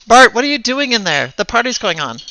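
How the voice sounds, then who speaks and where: A man's voice: very high-pitched, very animated, brisk, bright, forceful tone, dull audio, slight background noise, voice pushed up, heavily acted. A man voicing a strict, impatient middle-aged mother who scolds her child in a tabletop game. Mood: scolding. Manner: scolding, exasperated.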